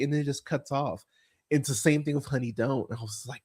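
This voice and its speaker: With a darkish tone in a mid-range voice, a male podcast host talks casually. He rambles, curses freely, and stumbles through many fillers and restarts.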